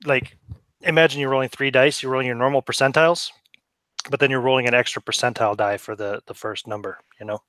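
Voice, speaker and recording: A man's voice: medium pitch, fairly even intonation, fast, fairly bright tone, dry recording. Male game master, easygoing rule explainer, dry mic. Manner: casual, explaining rules with fillers. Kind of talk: running a tabletop horror game.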